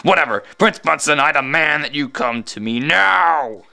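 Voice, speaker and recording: A man's voice: a little high, lively intonation, normal speed, gravelly, bright, forceful tone, soft background music, exaggerated voice. A man voicing a boastful male space pirate villain from a video game, reading the lines with theatrical gloating.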